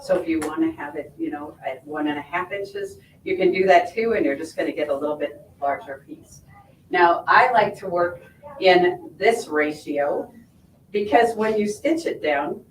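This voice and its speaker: A woman teaching quilting in a hands-on demonstration, her voice sitting a little low for a woman. She walks through each step and checks in often with the listener. The sound comes from a distance in a roomy, echoing space with a faint rumble behind. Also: animated, normal speed. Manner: friendly step-by-step explaining, checking in with "right?" and "okay?". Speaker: sewing instructor. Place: sewing shop or studio. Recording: echoey room, voice from off-mic.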